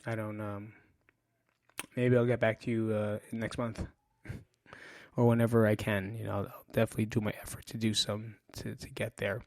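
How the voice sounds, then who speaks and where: A man's voice: on the low side, little pitch movement, moderate pace, creaky, dry recording. Candid grieving man, dry close sound. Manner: casual and frank, swears often, trails off and restarts. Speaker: podcast host. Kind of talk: candid personal monologue.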